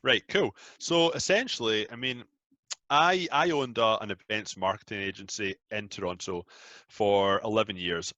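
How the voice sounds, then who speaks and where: A man in his thirties from Scotland with a Scottish accent, chatting easily as a guest in an interview, quick to laugh at himself. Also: on the low side, bright, forceful tone, no room sound, dull audio. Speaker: guest, app founder. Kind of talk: casual interview chat.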